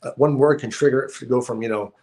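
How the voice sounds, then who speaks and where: A man, an actor guest, telling stories in a casual interview chat, animated and laughing often. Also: mid-range voice, fast.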